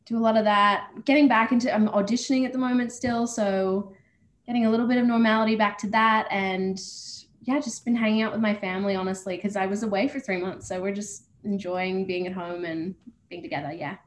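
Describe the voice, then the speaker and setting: A woman's voice: medium pitch, steady tone, a little fast. A young woman, an actor, chatting casually and bubbly in an interview over a video call. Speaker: actor guest. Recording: echoey room with faint noise.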